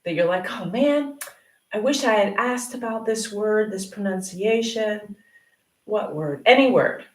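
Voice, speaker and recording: A woman teaches English in an unhurried, encouraging way, stretching words out so viewers can repeat after her. Her voice sits a little back from the mic, and the room rings around it. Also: mid-range voice, animated, distant mic. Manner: encouraging, chatty, repeats words slowly for learners. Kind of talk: live Q&A lesson. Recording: roomy and off-mic.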